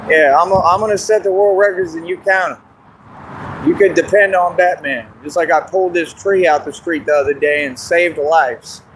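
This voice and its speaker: A man's voice: on the high side, steady tone, moderate pace, fairly bright tone, a little hiss or hum, rough recording. Brash boastful man streaming outdoors. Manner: brash, boastful, laughing often. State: going hoarse. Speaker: street performer in costume. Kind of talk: casual livestream chatter. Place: outdoors in a park.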